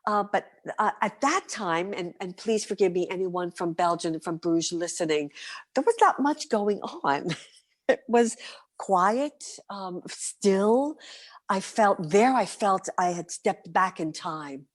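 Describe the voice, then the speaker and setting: A middle-aged woman from New City, a guest performer telling her stories in an interview, lively and vivid, sometimes dropping to a whisper. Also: medium pitch, takes it slowly. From New York City. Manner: animated, vivid storyteller, breaks into soft whispers. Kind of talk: storytelling interview.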